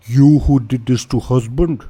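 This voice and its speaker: A man's voice: mid-range voice, warm tone, breathy edge, pitched above the performer's own voice. A man putting on a haughty one-eyed ogre chieftain. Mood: menacing. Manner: slow, grunting, with broken grammar turning formal.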